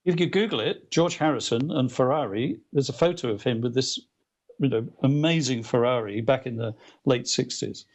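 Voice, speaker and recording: A male author as a guest, telling anecdotes in a casual interview, animated, with many restarts and fillers. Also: mid-range voice, normal speed.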